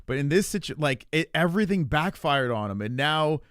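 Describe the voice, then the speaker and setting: A man's voice: fairly high pitch, animated, fairly quick, a bit bright, dry recording, clean studio sound. A man hosting a livestream, chatting casually and profanely as he reacts to clips. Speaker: stream host.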